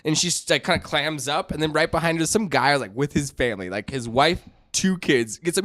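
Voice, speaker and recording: A man co-hosting a podcast in casual chat, telling profane stories and acting out quotes in shrill voices. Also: animated, brisk, few pauses, fairly bright tone. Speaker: podcast co-host.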